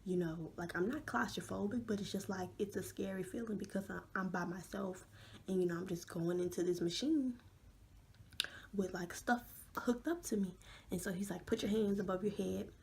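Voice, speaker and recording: A young woman vlogger telling an animated story with many fillers, often dropping to a hush. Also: medium pitch, normal speed, a little hiss or hum. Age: young adult. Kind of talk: storytime vlog.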